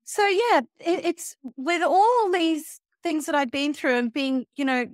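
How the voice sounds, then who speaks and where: A woman's voice: sits high, measured pace, no echo, clean studio sound. A middle-aged woman, a health and wellness coach, talking in a casual interview and acting out sarcastic quotes. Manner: animated, acts out quoted voices, sarcastic asides.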